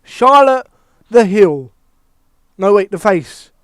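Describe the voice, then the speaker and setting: High-voiced, swearing wrestling pundit man. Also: takes it slowly, clean tone, dry recording. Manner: animated, heavy swearing, thinks aloud with restarts. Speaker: wrestling commentator. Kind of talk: casual wrestling opinion monologue.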